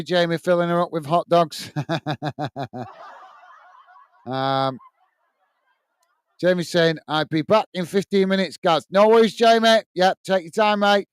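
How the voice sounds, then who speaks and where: A man's voice: high voice, clean tone. A man hosting a live football watch-along, reading out viewers' chat messages and complaining about the referee's bias. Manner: indignant ranting about the referee with chatty asides.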